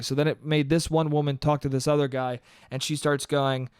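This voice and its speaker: A podcast host tells a comic story in an animated rush, swearing and tossing in "dude". His voice sits fairly high and sounds smooth and clean. It is recorded dry and close, with no room sound. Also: fairly quick, hardly any pauses, no echo. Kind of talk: comedic storytelling monologue.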